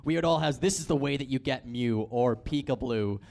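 A male host leads a relaxed group conversation in a mid-range voice. He is chatty and keeps putting questions to his guests. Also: medium pitch, a little fast, creaky. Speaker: podcast host. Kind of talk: casual group chat.

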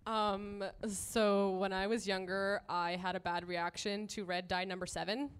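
A woman's voice: medium pitch, little pitch movement, measured pace, smooth. Enthusiastic woman in a casual chat. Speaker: podcast guest.

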